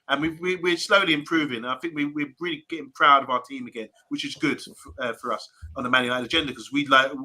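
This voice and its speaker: A man's voice: medium pitch, pushed and bright. A man speaking as an upbeat, chatty panelist on a live football fan stream. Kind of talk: casual live-stream chat.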